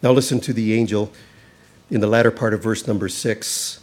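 A man's voice: fairly low pitch, steady tone, moderate pace, a little mellow. A man preaching a sermon, reading scripture aloud and stressing key words with emphatic rises. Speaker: pastor.

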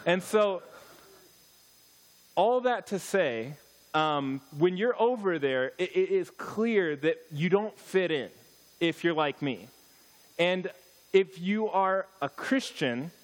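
A man, a missionary speaker, giving a church talk with humorous stories, animated asides to his audience. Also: a little high. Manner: storytelling, joking, animated asides.

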